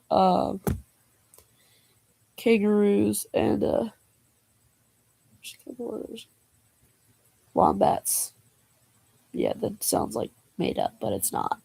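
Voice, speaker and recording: A woman's voice: mid-range voice, sing-song, takes it slowly, creaky, pauses often, dark tone, slightly rough. A young woman vlogger reading jokes aloud in a casual way, laughing and groaning at them and adding slangy asides.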